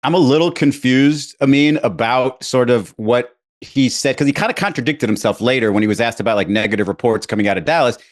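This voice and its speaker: A man's voice: mid-range voice, brisk, few pauses. A man co-hosting a casual sports podcast, wry and joking. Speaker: podcast co-host.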